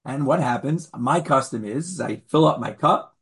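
A man, a rabbi, teaching a class in an animated, conversational way with playful asides to his listeners. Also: mid-range voice, normal speed, husky. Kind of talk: conversational lecture.

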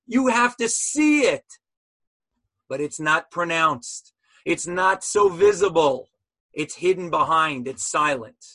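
A man's voice: high-pitched, sharp tone, husky, no room sound, poor audio. A man teaching an online class about Hebrew letters in a passionate style, full of rhetorical questions, heard over a video call.

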